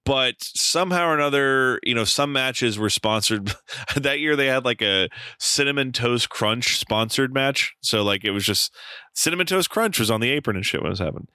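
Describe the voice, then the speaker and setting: Man, podcast co-host, animated storytelling, casual swearing, dry close sound. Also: mid-range voice, normal speed, clear, resonant tone, dry recording. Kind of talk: casual chat.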